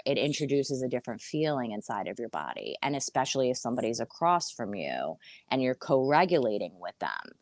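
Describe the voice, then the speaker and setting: Low-voiced woman therapist explaining. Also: no room sound, clean studio sound. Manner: earnest, repeats phrases for emphasis. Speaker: therapist guest. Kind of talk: conversational explaining. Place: seated in a chair.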